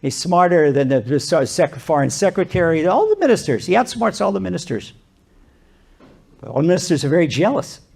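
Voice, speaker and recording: A rabbi preaching and spinning a parable, with an animated, conversational delivery full of restarts. His voice is gravelly and sits fairly high for a man. He speaks to a live audience. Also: fairly quick. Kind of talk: sermon with parable storytelling. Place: lecture venue.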